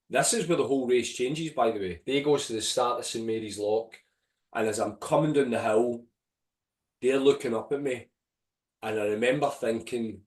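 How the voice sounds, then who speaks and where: A man, a podcast guest, telling a vivid story with swearing and replaying his own inner voice. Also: medium pitch. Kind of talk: storytelling in an interview. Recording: roomy and distant from the mic.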